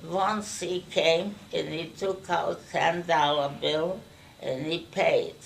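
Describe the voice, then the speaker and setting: An older woman from Ukraine, giving an oral history interview in a halting way, repeating words as she searches for them. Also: deep voice, fairly even intonation, creaky. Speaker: interviewee recounting wartime memories. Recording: distant mic, faint background noise.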